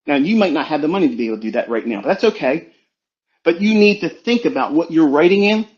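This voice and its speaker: A man, a trading mentor, giving a forceful motivational rant full of swearing and rhetorical questions. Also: a little high, expressive, fast talker. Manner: forceful, profane, preachy. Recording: dull lo-fi sound.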